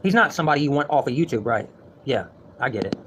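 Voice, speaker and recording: A man's voice: mid-range voice, expressive, fast talker, noisy background. A man ranting to his viewers from home, heated and defensive, with frequent swearing. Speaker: vlogger.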